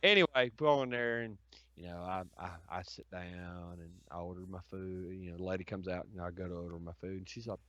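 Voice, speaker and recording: A man's voice: low-pitched, fairly quick, sharp tone, no room sound, highs cut off. A man from Tennessee with a Southern accent, chatting casually as a stream host and swearing freely as he tells road stories. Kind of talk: casual chat.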